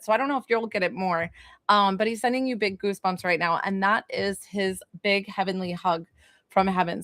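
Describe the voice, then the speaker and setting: A psychic medium from New York gives a spiritual reading on a phone livestream, gushing, laughing often and chatting with viewers. Her medium-pitched voice comes across in a dry, studio-quality recording.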